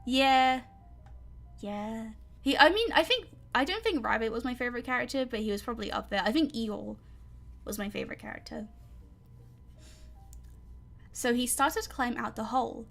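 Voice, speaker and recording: A woman's voice: fairly high pitch, moderate pace, creaky, pauses often, a bit bright, soft background music. A woman with a British accent reading a children's story aloud in a chatty way, sometimes tripping over words. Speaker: reader.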